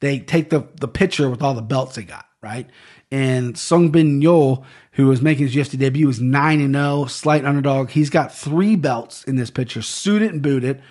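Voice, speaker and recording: A man's voice: mid-range voice, moderate pace, a little mellow. A young man hosting a casual fight-picks podcast at a desk microphone, rambling, swearing and tripping over names. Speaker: sports betting podcast host.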